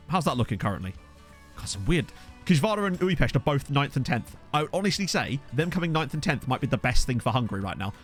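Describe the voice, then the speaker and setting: Chatty, animated male gaming streamer. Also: medium pitch. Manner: chatty, excitable, swears when surprised. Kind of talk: casual live-stream commentary. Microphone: desktop USB microphone.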